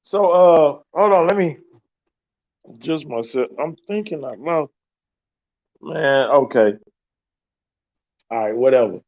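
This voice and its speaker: A man's voice: fairly high pitch, slow, long pauses, muffled recording. A man hosting a podcast, telling a story in a loose, profane way and laughing often. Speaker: podcast host.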